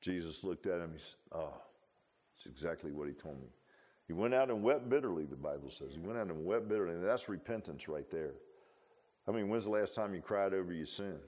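A man's voice: low-pitched, lively intonation, fast talker, a little mellow. A man preaching a sermon in a folksy, conversational way, full of rhetorical questions and asides.

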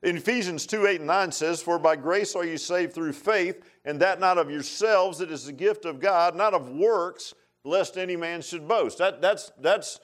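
A middle-aged pastor delivers a sermon in a homey, meandering manner, stopping on "uh" and restarting his phrases. His voice sits a touch higher than most men's. He sounds like he is talking plainly to his congregation. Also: moderate pace, few pauses, fairly bright tone. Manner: folksy, rambling, full of fillers and restarts.

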